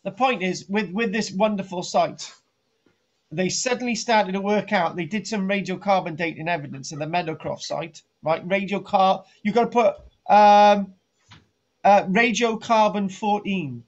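Brief: middle-aged male archaeologist on a live stream, high voice, jokey and rambling, muffled lo-fi sound. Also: normal speed. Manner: jokey, rambling, restarts sentences, teases his co-host. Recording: dull lo-fi home stream audio.

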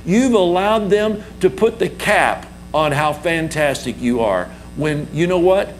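A man's voice: a little high, lively intonation, measured pace, poor audio. A man preaching a sermon as pastor, emphatic and repetitive, leading the congregation in call-and-response.

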